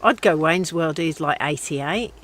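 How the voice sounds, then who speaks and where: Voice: medium pitch, measured pace, a bit bright, slight background noise. A panelist on a casual show, chatty and enthusiastic.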